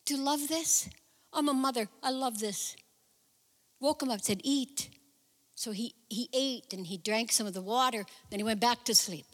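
A woman preacher retells a Bible story in a lively, conversational sermon full of her own asides. Her voice sits a little high, and the long reverb of a large hall trails after every phrase. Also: moderate pace. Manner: chatty, animated retelling with personal asides.

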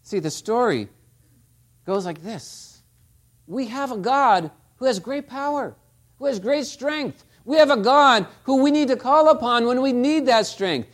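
A man's voice: extremely high pitch, animated, measured pace, a bit bright. A man preaching a sermon, telling stories and asking the listeners rhetorical tag questions. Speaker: pastor.

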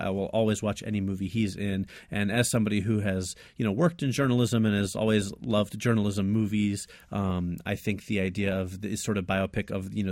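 Upbeat friendly man, slightly low voice. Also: darkish tone, no echo, clean studio sound. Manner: upbeat, friendly, quick to laugh. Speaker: podcast co-host. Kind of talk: casual film podcast chat.

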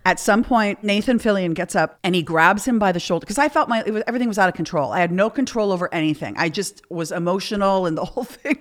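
A woman's voice: mid-range voice, quick pace, hardly any pauses. Candid woman telling stories. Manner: candid storytelling with acted-out quotes. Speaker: podcast guest. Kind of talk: casual chat.

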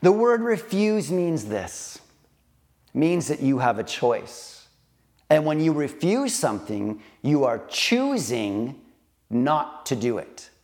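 A man preaching a sermon, earnest and slow, repeating phrases with emphatic pauses. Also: a little high, sing-song, a little mellow. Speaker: pastor.

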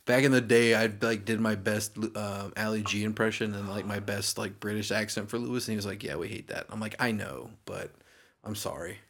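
Male co-host, slightly low, chatty storyteller tone. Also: steady tone, fairly bright tone. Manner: chatty storyteller, quick asides. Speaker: podcast co-host. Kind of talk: casual chat.

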